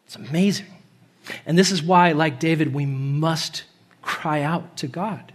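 A young man preaching a sermon in a church, casual and animated, laughing often and acting out quotes in a higher voice. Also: measured pace. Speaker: pastor. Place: church hall.

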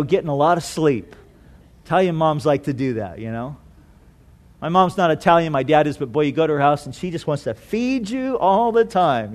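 A man preaching a sermon in a conversational way, acting out quoted lines and dropping to soft tones. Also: high-pitched. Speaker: pastor.

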